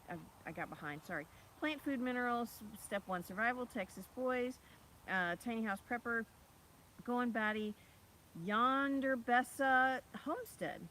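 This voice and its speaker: A woman co-hosting a casual family live stream, briskly reading out viewer names and channels. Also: a little high, fairly bright tone, slight background noise, rough recording. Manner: brisk, reads viewer names in a rapid list. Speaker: livestream co-host. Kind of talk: casual livestream chat. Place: outdoors by a lake.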